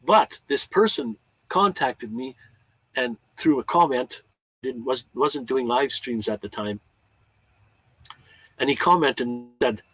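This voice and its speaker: A man's voice: medium pitch, slow pace, pauses often, fairly bright tone, husky, rough recording. A man hosting a casual live-stream chat, talking in a rambling, heartfelt way with frequent restarts and stammers.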